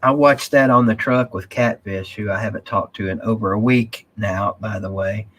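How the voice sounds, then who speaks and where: A man's voice: lowish voice, fairly even intonation, moderate pace, noisy background. A man hosting a casual live stream, rambling and reading viewer comments aloud.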